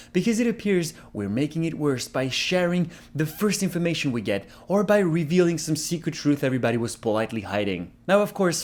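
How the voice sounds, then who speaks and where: Earnest man with a lively voice. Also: medium pitch. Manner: earnest and impassioned. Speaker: video creator. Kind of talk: personal commentary vlog.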